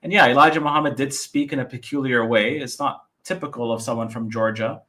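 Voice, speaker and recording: A man, the author of a book, explaining his research point by point in a relaxed podcast interview. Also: mid-range voice, a little fast. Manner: methodical, lists points by number.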